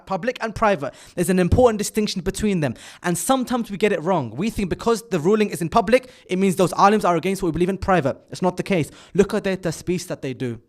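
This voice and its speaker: A man giving a religious lecture at an Islamic centre, speaking emphatically, pushing up on key points and dropping low for asides.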